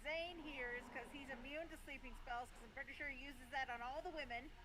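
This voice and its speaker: A woman's voice: sits high, steady tone, brisk, noisy background. A woman playing a halfling in a tabletop game, playful and teasing as she speaks in character. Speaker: player.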